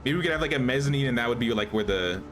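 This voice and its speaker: A man's voice: medium pitch, expressive, racing, fairly bright tone, soft background music. A young man streaming a survival game, chatting casually and thinking aloud with frequent restarts. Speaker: gaming streamer. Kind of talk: casual live gameplay commentary.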